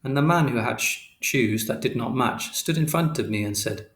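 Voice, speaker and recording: A man reading an audiobook aloud in a steady, literal, matter-of-fact way. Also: mid-range voice, normal speed, few pauses. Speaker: audiobook narrator. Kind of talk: scripted narration. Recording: roomy echo.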